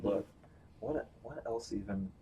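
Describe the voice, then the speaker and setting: A man's voice: mid-range voice, slow pace, slight background noise, low-quality recording. Casual young man reviewing a movie. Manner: animated, acts out quotes. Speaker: podcast host.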